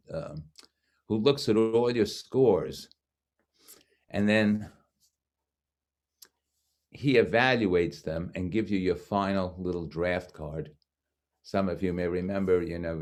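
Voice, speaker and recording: A man in his seventies from Brooklyn, with a very deep, low voice. He is a guest speaker telling a personal story in a frank, wry way, full of self-mocking asides. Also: darkish tone. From Brooklyn, New York. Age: 70s.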